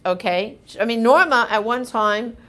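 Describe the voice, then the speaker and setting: Animated woman reading viewer comments. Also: on the high side, measured pace. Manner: animated, emphatic, conversational. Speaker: host answering viewer comments. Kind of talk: casual live comment reading.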